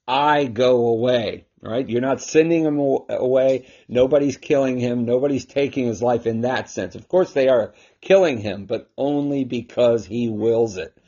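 Male host and Bible teacher, husky timbre, mid-pitched, emphatic, dull home recording. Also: warm tone. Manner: emphatic, with frequent rhetorical "right?". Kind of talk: casual scripture teaching talk.

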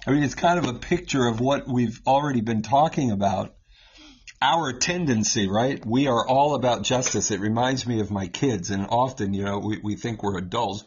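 Husky-voiced male Bible teacher, easygoing and step by step; dull, lo-fi sound. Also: lowish voice. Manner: explains step by step, keeps asking "right?". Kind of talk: conversational scripture teaching.

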